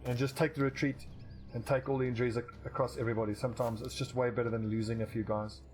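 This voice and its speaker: A man's voice: mid-range voice, flat delivery, quick pace, darkish tone, faint music behind. Chatty man commentating a strategy game. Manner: chatty, rambling, trailing restarts, swears casually. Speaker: let's play commentator. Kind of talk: casual gameplay commentary.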